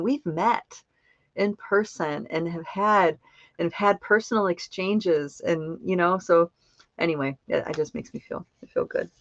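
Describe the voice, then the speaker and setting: A woman's voice: lowish voice, dry recording, lo-fi sound. A woman hosting a live-stream chat. She reads viewer comments aloud and answers them affectionately, with many fillers and restarts. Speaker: host.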